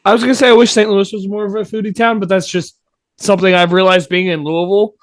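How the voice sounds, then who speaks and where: A man's voice: sits high, flat delivery, fast talker, no room sound. A young man co-hosting a podcast, talking casually and stammering on hesitant restarts. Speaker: podcast co-host. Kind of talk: casual chat.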